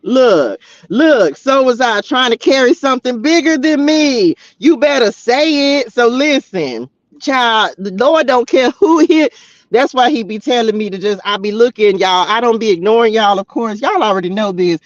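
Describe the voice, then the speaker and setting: A man's voice: very high-pitched, animated, normal speed, no room sound. A man giving a casual, exclamatory spiritual tarot message, talking straight to his viewers. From Texas, US. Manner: exclamatory, chatty, talks straight to viewers as "y'all" and "child". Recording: dull, slightly lo-fi audio.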